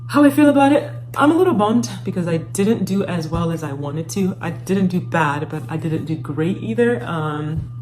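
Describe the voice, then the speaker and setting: A woman's voice: lowish voice, expressive, normal speed, few pauses, a little mellow, slight background noise, poor audio. A young woman in her twenties talking to camera about law school finals, anxious and rambling with many fillers. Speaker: law student vlogger. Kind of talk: casual vlog talk to camera.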